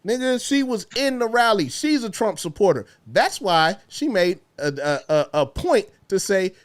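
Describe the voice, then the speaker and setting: Male co-host, high and very animated, profane comic banter. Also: normal speed. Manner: animated, joking, profanity-heavy, slips into mocking voices. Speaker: podcast co-host.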